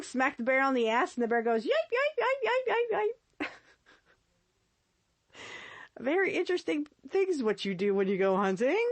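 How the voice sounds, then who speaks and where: A woman's voice: on the low side, no room sound. A woman hosting a podcast solo, talking casually and chattily with frequent laughs and fillers. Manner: chatty and giggly, with lots of fillers and repeats. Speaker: podcast host.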